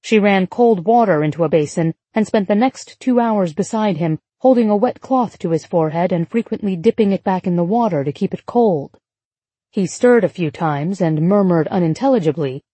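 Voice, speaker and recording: A woman reading an audiobook in a measured, even storytelling manner on a close studio mic. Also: medium pitch, slightly rough, dry recording. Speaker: audiobook narrator. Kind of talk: scripted narration.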